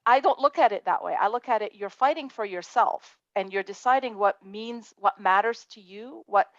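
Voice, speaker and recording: A woman's voice: mid-range voice, normal speed, dry recording, dull audio. A woman on a panel talking in an earnest, motivational way, often restarting her sentences. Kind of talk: panel discussion.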